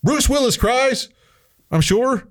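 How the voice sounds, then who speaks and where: A man's voice: extremely high pitch, expressive, slow. A man ranting in casual, profane chat, heated and swearing constantly as a podcast co-host.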